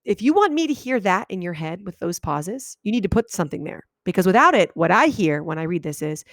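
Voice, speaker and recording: A woman teacher giving a video lesson to her students, talking animatedly and reading example sentences aloud with big exaggerated pauses. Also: on the low side, lively intonation, no room sound, studio quality. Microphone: webcam microphone.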